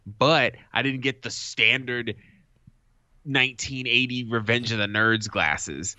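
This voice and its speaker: A man co-hosting a podcast, telling a story in a casual, animated way and swearing freely. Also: medium pitch, takes it slowly, no room sound. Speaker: podcast co-host. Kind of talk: casual chat. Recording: dull lo-fi sound.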